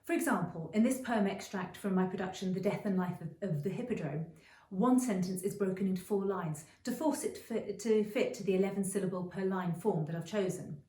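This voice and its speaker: A middle-aged woman teaching creative writing in a chatty, explanatory video lesson, often pausing with ums and restarting phrases. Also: medium pitch, dark tone, recorded from a distance. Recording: roomy echo, voice a bit off-mic.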